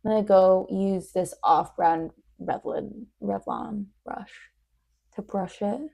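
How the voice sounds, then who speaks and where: Sleepy young woman, gravelly and mellow. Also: medium pitch, fairly even intonation, slow pace. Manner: rambling, chatty, drifts in and out of soft whispers. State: sleepy, yawning. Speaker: video diarist. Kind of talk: casual diary chat.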